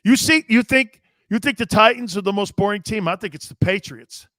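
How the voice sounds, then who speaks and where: A man's voice: high-pitched, a little fast, no room sound, studio quality. A middle-aged man hosting a sports talk show, hollering his opinions, swearing freely and hammering the same catchphrases. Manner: loud, hollering and profane; emphatic, repeats catchphrases.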